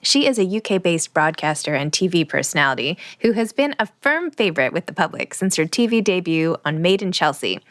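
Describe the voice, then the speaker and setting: A woman's voice: lowish voice, big pitch swings, brisk, few pauses, fairly bright tone. A woman hosting a podcast interview, enthusiastic and chatty, who often says "like". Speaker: podcast host.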